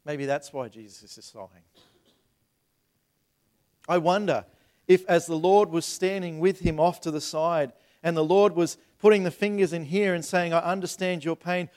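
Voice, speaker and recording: A man's voice: fairly high pitch, moderate pace, a little mellow. A man in his thirties preaching a sermon to a congregation, talking in a conversational way that rises into emphatic passages. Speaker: pastor. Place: church sanctuary.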